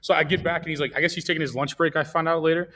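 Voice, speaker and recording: A man's voice: a little high, steady tone, very fast, sharp tone. A man hosting a comedy podcast, telling rambling, profane stories in casual chat. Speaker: podcast host.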